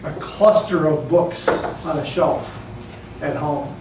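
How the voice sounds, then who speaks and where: Man, local show host, short affirming questions, slightly high voice, echoey room, distant mic. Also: takes it slowly, background noise. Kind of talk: casual interview chat.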